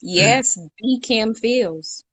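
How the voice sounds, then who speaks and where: Speaking very slowly in a slightly high, fairly bright voice, a young woman co-hosts a relaxed live chat. She chats freely, laughs often, and reads viewer comments out loud.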